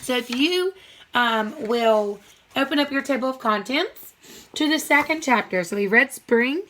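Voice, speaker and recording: A woman's voice: fairly high pitch, animated, measured pace, fairly bright tone, a little hiss or hum. A young woman teaching first grade by video, upbeat and playful, asking the children questions as she reviews a storybook. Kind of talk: video reading lesson for children.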